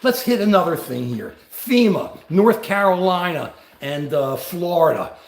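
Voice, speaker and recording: A man's voice: sits high, lively intonation, a little slow, roomy sound. An older man and grandfather, host of a livestream, giving rambling, combative political commentary.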